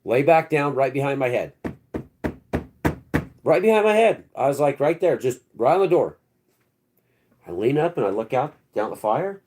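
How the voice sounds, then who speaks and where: A man's voice: mid-range voice, expressive, normal speed, a little mellow. A man hosting his own channel, telling a first-person story in a rambling, slangy way with restarts and swearing. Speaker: channel host.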